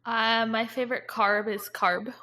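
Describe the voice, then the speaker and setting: A woman's voice: on the high side, flat delivery, unhurried, sharp tone. A woman co-hosting a podcast in casual chat, giggly and playful. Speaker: podcast co-host.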